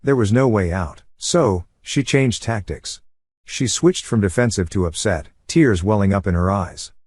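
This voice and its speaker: A man narrating a first-person story in a steady, measured way. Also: on the low side, breathy edge, no room sound, clean studio sound.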